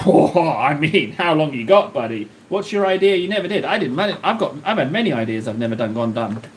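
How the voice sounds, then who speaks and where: A man with a fairly high voice that swoops up and down, chatting to his live-stream viewers. He rambles, jokes and talks straight to the chat, and a faint hiss sits under his voice. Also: sing-song, brisk. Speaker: livestream host.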